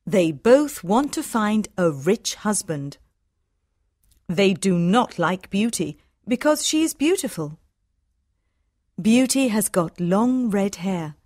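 Slow, deliberate woman storyteller. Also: mid-range voice, a little mellow, no room sound, studio quality. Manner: clear, deliberate, plain. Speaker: audiobook narrator. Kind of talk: slow, simple scripted narration for language learners.

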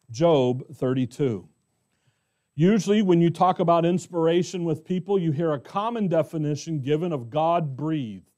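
A middle-aged American pastor teaching verse by verse in a conversational way, often asking the congregation questions. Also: male voice, fairly high pitch, dark tone. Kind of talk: expository Bible teaching.

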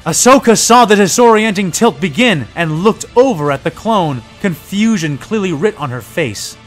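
A man's voice: sits high, animated, normal speed, soft background music. Man narrating a fan story. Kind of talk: audiobook-style story reading.

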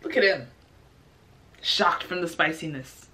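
A woman's voice: fairly low pitch, measured pace, heavy background noise. A woman hosting a reaction video, commenting in a casual, exasperated way and firing off incredulous questions.

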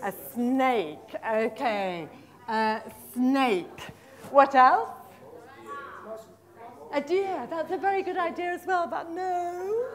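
A middle-aged woman running a teacher workshop in front of a live audience. Her voice sits a little high, and she talks at an unhurried pace, stretching words out as she drills them. She is upbeat and encouraging, praising the room again and again. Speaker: teacher trainer giving a workshop. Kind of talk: live workshop demonstration of storytelling with flashcards.

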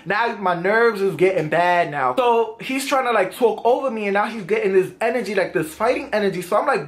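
A man's voice: high voice, lively intonation, fairly quick, hardly any pauses. A young man vlogging, animatedly retelling a confrontation in casual slang, acting out what was said. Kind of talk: storytime vlog.

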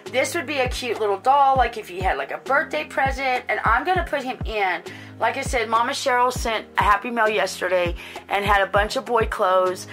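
A woman hosts a chatty doll-collecting vlog, doting and gushing over each little detail. She talks to her viewers casually, with plenty of ums and soft asides. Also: fairly high pitch. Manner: gushing, doting, many fillers. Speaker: doll collector and channel host.

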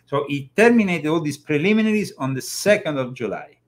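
A man's voice: a little high, expressive, a little fast. A man with an Italian accent co-hosting a casual talk about an occult book, explaining with many fillers and restarts. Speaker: co-host.

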